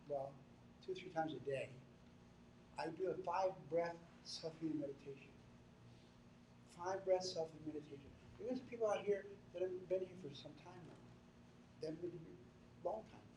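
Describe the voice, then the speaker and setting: A man giving a sermon as a spiritual teacher, earnest and halting, often repeating himself. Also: a little high, warm tone. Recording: echoey room from a distant mic, faint noise.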